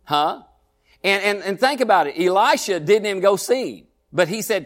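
A pastor preaching a sermon, drawing the congregation in with repeated asides and questions. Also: male voice, high voice, lively intonation, moderate pace, a bit bright. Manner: preaching with call-and-response asides, repeated "huh?" and "listen".

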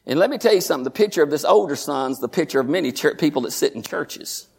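Man, pastor, sermon in church, quiet asides, shouted high-pitched preaching. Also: animated, fast, vocal fry, husky.

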